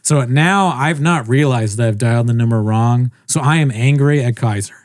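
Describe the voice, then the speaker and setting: A man's voice: mid-range voice, normal speed, dry recording, studio quality. A young man co-hosting a podcast, telling a rambling story in casual chat and mimicking the people he talks about. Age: young adult. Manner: rambling, animated, mimics others' voices. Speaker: podcast co-host.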